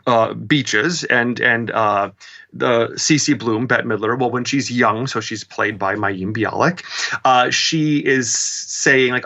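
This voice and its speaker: Midwestern man, 40s, interview guest; bright, lo-fi sound, rambling and animated. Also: mid-range voice, takes it slowly, vocal fry. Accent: Midwestern American. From American Midwest. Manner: chatty, animated, self-mocking with many fillers. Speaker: interview guest, drag performer. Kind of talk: casual storytelling interview.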